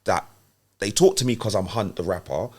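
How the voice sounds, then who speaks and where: Low, emphatic rapper. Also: male voice, lively intonation, fairly quick, a little mellow. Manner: emphatic and persuasive, presses his points. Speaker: rapper and guest. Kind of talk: casual chat.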